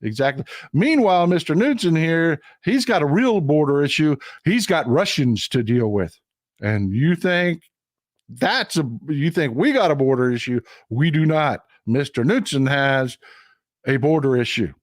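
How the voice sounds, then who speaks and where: A man's voice: on the high side, lively intonation, unhurried, no echo, clean studio sound. Blunt, emphatic livestream host, man. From Texas. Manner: blunt, emphatic, repeats short phrases for emphasis; reads out viewer comments and thanks donors. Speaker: livestream political commentary host. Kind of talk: casual political commentary livestream. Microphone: streaming setup mic.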